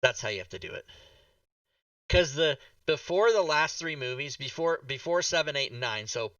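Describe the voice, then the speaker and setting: A man hosting a podcast, telling a rambling, animated story full of swearing and acted-out reactions. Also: mid-range voice, no echo, distant mic, rough recording. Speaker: podcast host. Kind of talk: casual chat.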